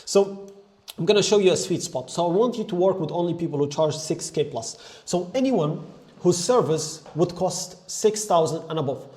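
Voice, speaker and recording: A young male business coach talks straight to his viewers in an emphatic, driving way. His voice sits a little high but has a mellow, soft edge. He keeps leaning on "like" and checking in with "right?". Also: normal speed. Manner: energetic and emphatic, peppered with "like" and "right?". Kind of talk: motivational business talk to camera.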